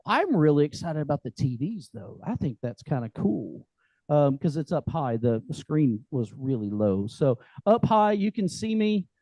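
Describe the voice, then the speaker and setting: A man's voice: a little high, big pitch swings, normal speed, mellow, no room sound, muffled recording. Upbeat man hosting a meeting. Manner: upbeat, joking, folksy with many fillers. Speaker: meeting host. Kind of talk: casual address to a meeting. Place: meeting room.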